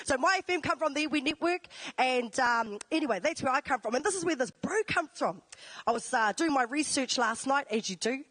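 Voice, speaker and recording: A New woman works a live crowd as MC, teasing and playful. Her voice sits high and swoops all over the place. The sound is dry and close on the mic. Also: lively intonation, brisk, a bit bright, dry recording. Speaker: event MC. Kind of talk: live stage introduction. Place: large indoor venue.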